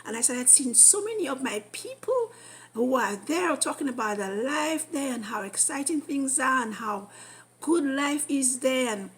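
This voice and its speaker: A woman in her thirties vlogging, telling an excited story with gushing, animated exclamations. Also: on the high side, breathy edge. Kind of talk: excited casual vlog.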